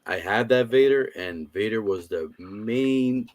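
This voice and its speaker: Chill guy w a lowish voice, keeps saying man, talking over a call. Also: a little slow, no room sound. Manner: easygoing, says "man" a lot. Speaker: collector, stream guest. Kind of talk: casual chat.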